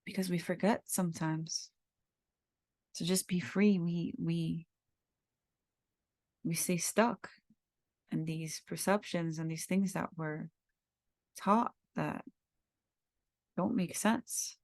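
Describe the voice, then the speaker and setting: Gravelly low-voiced woman, heartfelt. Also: steady tone, takes it slowly, pauses often, no room sound, studio quality. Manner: earnest, heartfelt, rambling with repeats. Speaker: podcast host. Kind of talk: reflective personal talk.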